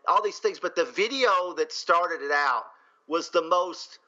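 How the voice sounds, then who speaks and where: Male podcast co-host, animated storyteller, bright and a bit high. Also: unhurried, dull audio. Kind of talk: casual chat.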